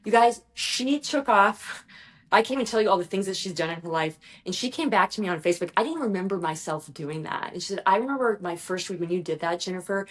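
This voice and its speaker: A woman guest on a podcast, talking earnestly and telling stories to listeners, now rushing and now slowing down. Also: medium pitch, lively intonation. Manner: earnest, storytelling, addresses listeners as "you guys". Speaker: guest, executive performance strategist. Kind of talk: podcast interview talk.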